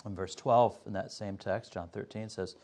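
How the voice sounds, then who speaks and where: A man teaching a Sunday school Bible class, explaining step by step in an earnest way with frequent pauses. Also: on the low side, steady tone, darkish tone.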